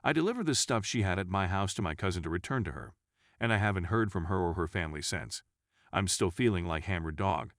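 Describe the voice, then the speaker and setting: A man reading a first-person story aloud as scripted narration, at an even, steady pace. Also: low voice, no room sound, clean studio sound.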